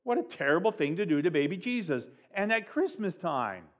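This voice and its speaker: A man voicing an eager, pleading young boy in a read-aloud story, with high, loud outbursts. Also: very animated, moderate pace.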